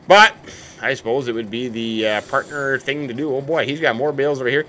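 Folksy man, bright voice. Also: mid-range voice, brisk, a little hiss or hum. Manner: folksy, hammy farmer persona with stock catchphrases; animated, exclaiming. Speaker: let's play host. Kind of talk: casual gameplay commentary.

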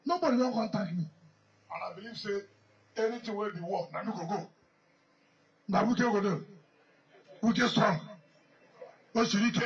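A man with a Nigerian accent speaks high in his register, pressing his points with repetition as he rambles through a public speech. He sounds set back from the microphone, and the recording is dull and muffled, with a light hiss underneath. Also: brisk, pauses often, recorded from a distance. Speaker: politician addressing a gathering.

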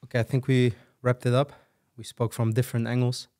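A man hosting a podcast, wrapping up the interview with a soft, polite manner. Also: medium pitch, flat delivery, brisk, no echo, studio quality. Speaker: podcast host. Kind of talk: casual interview wrap-up.

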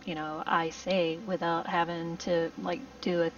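A woman's voice: lowish voice, flat delivery, a little slow, a little hiss or hum. A woman playing a tabletop game, bantering playfully in character. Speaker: player. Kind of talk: casual in-character play. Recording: distant, slightly dull mic with faint music.

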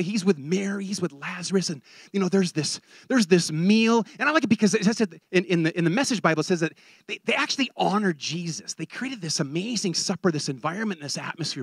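A man preaching a sermon in an animated way, often repeating words as he builds a point. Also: high-pitched, breathy edge, no echo, studio quality.

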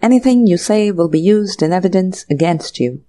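A woman voicing a calm, formal male police inspector in a storybook reading. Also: on the low side, moderate pace, close to an everyday voice. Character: quiet, small, civil male police inspector.

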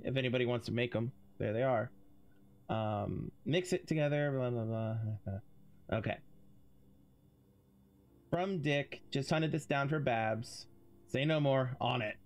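A man's voice: mid-range voice, a little slow, pauses often. A man streaming a video game, talking to himself in distracted, mumbled asides. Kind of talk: casual gameplay commentary.

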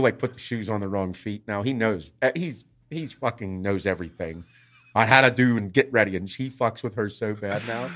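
A man co-hosting a podcast, chatting casually and telling animated, profanity-heavy stories about his family. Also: fairly low pitch. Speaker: podcast co-host. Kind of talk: casual chat.

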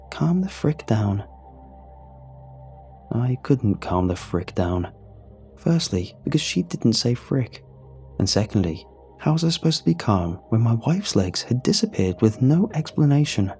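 Husky, low-voiced horror narrator. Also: male voice. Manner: calm, low, measured storytelling. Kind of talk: scripted narration.

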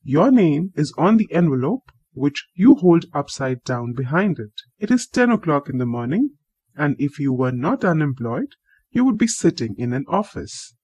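A smug, brisk detective, put on by a male narrator lays out his deductions with a superior edge. His voice is a little high and husky, and it swings up and down. It sounds dry and close, like a storybook reading. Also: very animated, darkish tone, dry recording. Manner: impatient, superior, crisply deductive.

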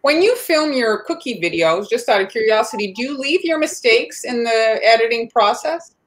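A woman's voice: on the high side, expressive, moderate pace, poor audio. A woman co-hosting a cookie-decorating livestream, chatting casually and reading out viewer comments.

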